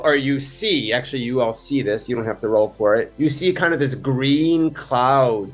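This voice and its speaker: A man narrating as game master in an improvised tabletop game, animated and rambling. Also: mid-range voice, normal speed, hardly any pauses.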